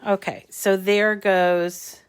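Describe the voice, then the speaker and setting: Lady crafter on a live stream, slow and easygoing, lots of ums as she explains. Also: mid-range voice, level tone, clean tone. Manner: slow, chatty, hesitant with many ums. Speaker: crafting channel host. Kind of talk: live craft tutorial chat.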